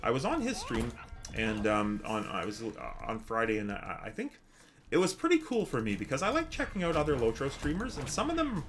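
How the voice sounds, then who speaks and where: A man's voice: medium pitch, wildly swooping pitch, a little fast, slight background noise. A man streaming a game, chatting casually with viewers in a rambling, hesitant way with many restarts. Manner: chatty with viewers, reads chat aloud. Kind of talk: casual live-stream chat.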